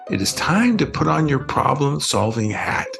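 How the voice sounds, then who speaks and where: An older man voicing a wise, calm father in a bedtime story, speaking patiently. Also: mid-range voice, normal speed, vocal fry, soft background music. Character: wise calm father guiding his kids.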